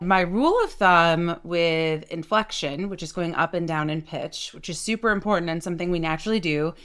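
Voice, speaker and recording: A young woman voice coach giving a short, clear, deliberate lesson on speaking. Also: on the low side, animated, a bit bright. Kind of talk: short instructional talk.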